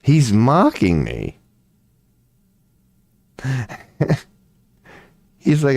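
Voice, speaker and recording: A man's voice: medium pitch, sing-song, takes it slowly, pauses often, darkish tone, clear, resonant tone, no echo. A man streaming casually from a small room at home, swearing, laughing and talking to a mouse. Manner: profane, laughing, talks to a mouse. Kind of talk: casual solo stream chat.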